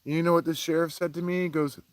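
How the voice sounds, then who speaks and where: Profane ranting man, voice on the high side. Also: flat delivery, fast talker, no echo. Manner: profane, heated, swinging from low mutters to raised outbursts. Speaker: podcast host. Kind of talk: casual ranting monologue.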